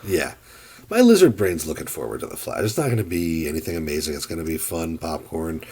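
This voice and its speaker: A man's voice: very deep voice, very animated, brisk, a little mellow, breathy edge. A man in his thirties co-hosting a podcast, giving emphatic, opinionated takes on films in casual chat, swearing now and then. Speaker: podcast co-host. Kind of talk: casual film discussion.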